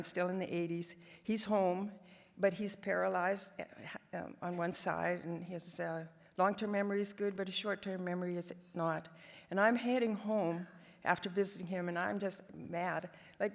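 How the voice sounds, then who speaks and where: A woman's voice: fairly low pitch, steady tone, moderate pace, vocal fry. Older canadian lady giving a testimony at a breakfast, wry little jokes, big hall echo. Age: 70s. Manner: storytelling with self-deprecating humor. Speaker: guest speaker. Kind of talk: personal testimony speech. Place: large hall. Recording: long hall reverb.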